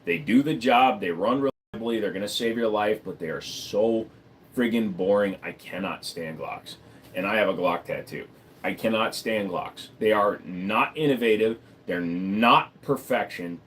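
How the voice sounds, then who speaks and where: A man's voice: on the low side, moderate pace, fairly bright tone, slight background noise. A man hosting a casual livestream, talking bluntly and profanely and rambling as he reads chat comments aloud. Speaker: livestream host.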